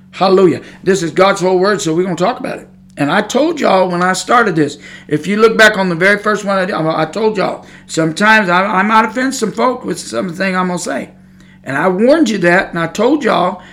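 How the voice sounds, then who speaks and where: Excitable preacher, gravelly voice. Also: male voice, high voice. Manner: conversational, repeats himself. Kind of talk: podcast sermon.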